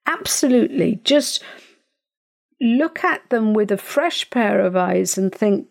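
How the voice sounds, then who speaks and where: A woman's voice: takes it slowly, vocal fry. Chatty woman giving advice. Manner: chatty, many fillers and restarts, animated pitch jumps. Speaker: podcast host. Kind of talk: casual advice talk.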